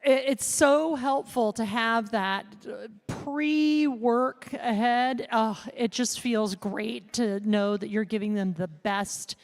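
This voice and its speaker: A woman's voice: a little high, takes it slowly, hardly any pauses. A woman who is a benefit auctioneer, hosting an upbeat casual interview at a convention. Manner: upbeat, enthusiastic.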